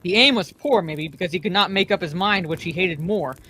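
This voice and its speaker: A woman reading aloud, giving a grave, measured line to a male leader. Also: on the low side, fairly bright tone, slight background noise, lightly acted. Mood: dry.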